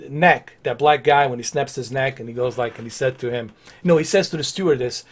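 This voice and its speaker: A man's voice: mid-range voice, a little fast. A man chatting casually on a live game stream, rambling with lots of fillers and restarts.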